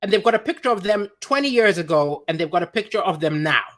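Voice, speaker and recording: A man hosting a comedy livestream from home, reading viewer comments aloud and riffing on them with lively, playful delivery. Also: high-pitched, fast. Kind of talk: casual comedic livestream chat.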